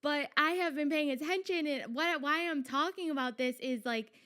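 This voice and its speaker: A young adult woman hosting her own podcast, talking in a chatty, animated way with lots of fillers and quoted inner voices. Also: high-pitched, moderate pace. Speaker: podcast host. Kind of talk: casual solo podcast talk.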